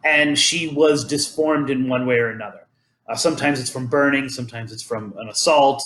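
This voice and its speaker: A man's voice: mid-range voice, moderate pace, a bit bright, slight background noise. A man hosting a podcast, chatting casually and rambling through legends with many ums and restarts. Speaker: podcast host. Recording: roomy echo.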